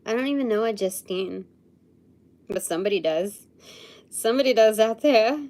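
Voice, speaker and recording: A woman's voice: mid-range voice, normal speed, a little mellow. A woman hosting a live intuitive session, musing and hesitant as she thinks aloud, sometimes dropping to a murmur or whisper. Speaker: livestream host.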